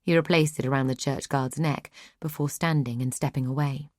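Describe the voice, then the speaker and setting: A woman narrating a fantasy audiobook in a measured, even storytelling manner. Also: very deep voice, no echo, studio quality. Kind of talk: scripted narration.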